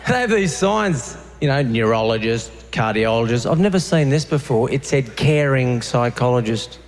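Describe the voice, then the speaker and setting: A man with an Australian accent performing a stand-up comedy routine, telling deadpan stories and acting out the voices of other people. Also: mid-range voice, measured pace, long pauses, a little hiss or hum. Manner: deadpan storytelling with acted-out voices.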